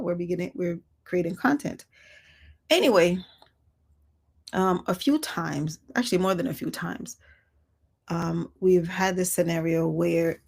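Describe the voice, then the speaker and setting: A woman hosts a quiet live reflection, talking in a gentle, unhurried way. Her voice sits a little low and has a gravelly edge of vocal fry. Small laughs come between her thoughts. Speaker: host.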